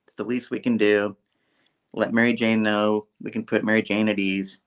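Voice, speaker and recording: A smooth, accommodating older businessman, as a man puts him on in a comic recap. The voice stays close to the speaker's own, relaxed and offhand. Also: fairly low pitch, moderate pace, natural voice.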